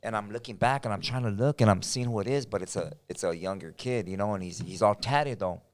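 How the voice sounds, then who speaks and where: Deep-voiced man saying homie. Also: quick pace. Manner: street slang, says bro and homie. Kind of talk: casual podcast chat.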